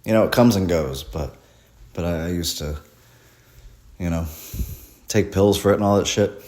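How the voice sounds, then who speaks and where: A man's voice: low-pitched, moderate pace, a little mellow. A man performing a rambling, crude, self-deprecating stand-up comedy set at a live show.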